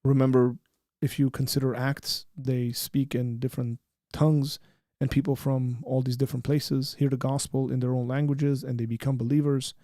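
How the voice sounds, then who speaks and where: A man hosting a casual podcast, animated and quick to laugh, then turning earnest. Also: mid-range voice, no echo, studio quality. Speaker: podcast host. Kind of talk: casual chat.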